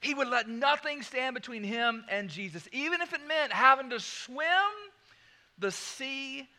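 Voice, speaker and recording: A man preaching a sermon as pastor, telling a story in an animated way with laughing asides. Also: very high voice, a little slow.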